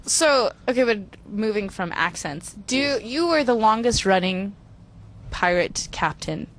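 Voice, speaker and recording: A woman's voice: medium pitch, animated, unhurried, slight background noise. A woman co-hosting a casual talk show who asks playful questions of her guest. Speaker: co-host.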